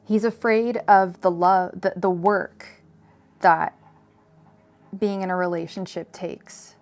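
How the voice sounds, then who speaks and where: A woman's voice: lowish voice, fairly even intonation, slow. A woman reading tarot cards on a live stream, chatty and digressive, full of fillers and restarts. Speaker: tarot reader.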